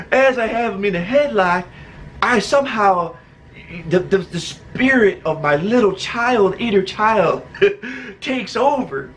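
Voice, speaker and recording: A man's voice: high voice, animated, slow pace, a bit bright, slight background noise. A man casually telling a personal story, laughing often and acting out other people's voices.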